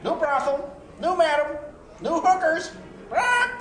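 A man's voice: very high-pitched, expressive, slow, a bit bright, faint music behind, voice pushed up, heavily acted. A man voicing a squawking, foul-mouthed parrot that barks out its lines, in an echoey room. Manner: barking squawks.

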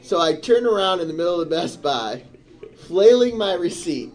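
A middle-aged man tells a story in casual chat, his voice a touch higher than most. He is animated and builds into indignant outbursts. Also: normal speed. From Michigan, USA. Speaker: storyteller on a talk show.

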